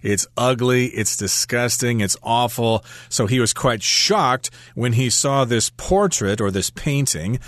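A man's voice: medium pitch, unhurried, few pauses, fairly bright tone, no echo. A man co-teaching a radio English lesson, explaining words plainly and simply.

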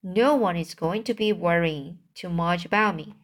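A woman voicing a young orphan girl who answers plainly and calmly. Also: on the low side, moderate pace, natural voice. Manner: matter-of-fact.

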